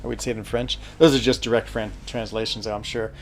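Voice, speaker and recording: A man's voice: fairly low pitch, flat delivery, fast, soft background music. A man chatting casually while streaming a mobile game, thinking aloud, answering chat and laughing easily. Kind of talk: casual live gameplay commentary.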